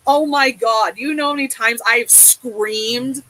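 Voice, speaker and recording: Tarot reader lady, high bright voice, sweary and soothing, keeps saying okay. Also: measured pace, slight background noise, poor audio. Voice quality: emotive, sweary, reassuring. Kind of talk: casual tarot reading.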